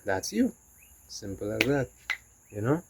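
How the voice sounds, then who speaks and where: A man's voice: lowish voice, very animated, measured pace, noisy background. A man talking casually in a rambling motivational monologue, often saying "you know". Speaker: vlogger.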